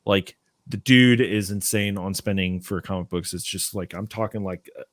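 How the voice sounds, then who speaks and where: A man's voice: deep voice, moderate pace, a bit bright, no echo. Laid-back man chatting on a dry mic. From Texas. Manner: laid-back, rambling, many fillers. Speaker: host. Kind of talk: casual chat.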